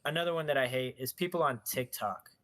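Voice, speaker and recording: Podcast dude ranting, blunt and crude, regular pitched voice. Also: male voice, fast talker, fairly bright tone. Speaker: podcast co-host. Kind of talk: casual podcast chat.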